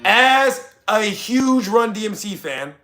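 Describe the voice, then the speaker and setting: Young american guy ranting on stream, high and bright, cussing a lot. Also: slow pace, soft background music. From United States. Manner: loud, animated, cussing rants. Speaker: streamer reacting to chat. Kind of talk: casual livestream commentary.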